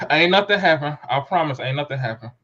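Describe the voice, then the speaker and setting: Man, podcast host, lively storyteller, dull lo-fi sound, casual chat. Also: on the high side, fast talker. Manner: animated storyteller, acts out quoted voices.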